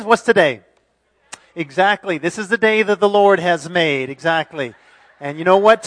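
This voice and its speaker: High-voiced animated male preacher. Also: dry recording. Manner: animated and self-deprecating, with many restarts. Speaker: pastor. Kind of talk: sermon.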